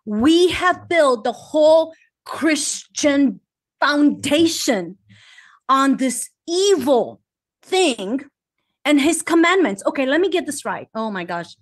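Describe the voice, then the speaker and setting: Woman, high voice, online panelist; reads verses, builds to emphatic indignation. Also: big pitch swings, slow pace. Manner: reads scripture aloud, grows heated and emphatic.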